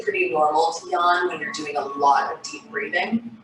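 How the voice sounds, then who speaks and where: A woman talks a class through gentle stretches, her voice soothing and breathy with the odd sigh. Her voice sits a little low. She sounds far from a laptop mic in a very echoey room, with clear music playing behind her. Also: fairly even intonation, normal speed. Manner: soothing, breathy cues with sighs and yawns. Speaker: stretching instructor. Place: home room on a video call. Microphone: laptop mic on a video call. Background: background music.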